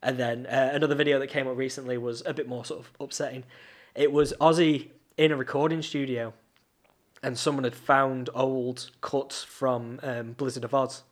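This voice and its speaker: A man's voice: medium pitch, flat delivery, normal speed. A man, co-hosting a podcast and telling long rambling anecdotes in casual chat, laughing often. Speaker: podcast co-host.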